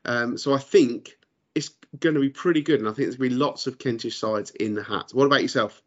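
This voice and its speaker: A man co-hosting a casual football podcast. His talk is hesitant, with restarts and repeated words and a dry wit. His voice sits at a middling pitch, and the audio is slightly muffled. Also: brisk. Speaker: podcast co-host. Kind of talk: casual sports chat.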